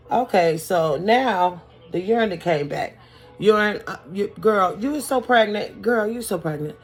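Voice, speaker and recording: A woman's voice: fairly low pitch, breathy edge. A woman beauty vlogger telling a story in a casual, chatty, sassy and colloquial way while she does her makeup.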